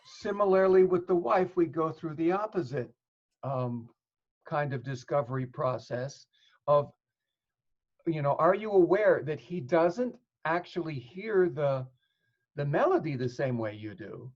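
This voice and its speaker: Male therapist guest, thoughtful explainer, somewhat high voice, muffled lo-fi recording. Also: expressive, a little slow, a little mellow. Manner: thoughtful, explains with examples and plays out dialogue. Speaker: psychotherapist guest. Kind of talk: explanatory interview talk. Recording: dull lo-fi audio.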